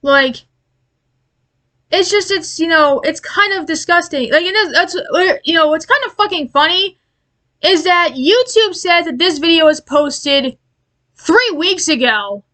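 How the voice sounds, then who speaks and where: A woman giving an angry, profane commentary rant, exasperated and halting with many restarts. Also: very high-pitched, expressive, bright, forceful tone. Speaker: aviation commentary YouTuber.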